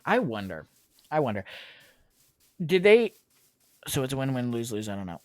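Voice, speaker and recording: A young adult man from the United States chats casually on a gaming stream, joking and rambling in response to his chat. He's very animated, with a mid-range voice at a moderate pace. There's no echo, but keyboard typing and mouse clicks come through loudly.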